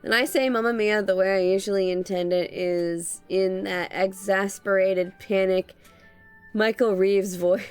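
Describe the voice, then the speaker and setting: A young woman streamer with vocal fry, chatting playfully while she draws and laughing often. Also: mid-range voice, steady tone, a little slow, darkish tone, soft background music. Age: young adult. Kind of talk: casual stream chat while drawing.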